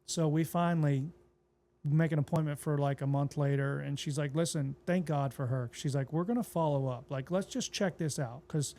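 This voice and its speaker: Mellow-voiced pastor telling his story. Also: a little high, moderate pace. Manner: relaxed, plainspoken retelling that acts out quoted dialogue. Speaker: pastor and podcast guest. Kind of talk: casual interview storytelling.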